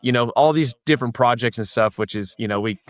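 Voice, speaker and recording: A man's voice: medium pitch, quick pace, no echo. A young man in his twenties, a podcast guest chatting casually and rambling with many restarts. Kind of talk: casual chat.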